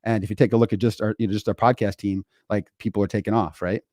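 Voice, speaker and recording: A man's voice: fairly low pitch, steady tone, quick pace, a little mellow, no room sound, clean studio sound. A middle-aged man hosting a motivational podcast, talking conversationally and preaching with rhetorical questions and fillers. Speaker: podcast host and coach.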